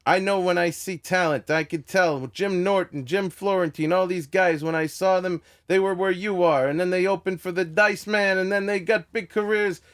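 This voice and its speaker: A man's voice: high-pitched, fairly even intonation, moderate pace, few pauses, a bit bright, voice pushed up. A man imitating a brash, bossy New York comedian with a New York accent in a podcast story. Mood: boastful.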